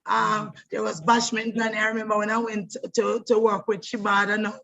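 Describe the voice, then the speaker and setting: Animated woman telling stories. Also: medium pitch, a little fast, vocal fry, poor audio. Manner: animated, repeats words, breaks into voices and laughter. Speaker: stage actress. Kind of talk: personal storytelling monologue.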